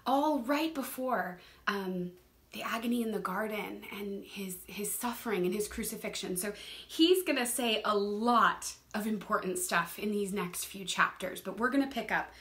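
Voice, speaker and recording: A woman's voice: mid-range voice, moderate pace, fairly bright tone. A young woman teaching a Bible study in a casual, earnest way, laughing often and repeating words as she talks.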